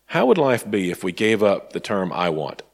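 A man from Tennessee preaches in a relaxed, storytelling way. His pitch moves a lot, and he sometimes drops into quiet asides. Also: normal speed. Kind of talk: sermon.

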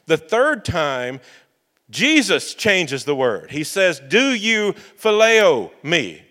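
A man delivers a sermon at a slow, deliberate pace, with pauses for reflection. His voice sits a little higher than most men's. Long reverb from the church hall trails after his words. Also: a bit bright. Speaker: pastor.

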